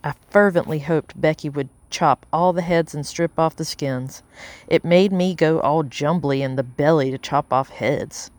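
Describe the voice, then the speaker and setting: A woman reading a novel aloud as an audiobook narrator, measured and steady, lightly voicing the characters. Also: low voice, no echo. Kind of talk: scripted narration.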